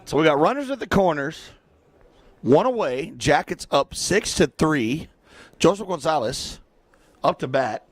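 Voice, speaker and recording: A man doing play-by-play for a local baseball game, chatty and joking between pitches. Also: sing-song, a little slow, dry recording. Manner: joking, chatty, breaks into silly asides. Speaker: play-by-play announcer.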